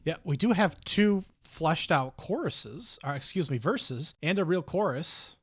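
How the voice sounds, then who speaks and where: Measured man giving song grades. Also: a little high, animated, husky, no echo, studio quality. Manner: methodical, refers to notes, hedges his opinions. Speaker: podcast co-host. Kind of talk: casual music review chat.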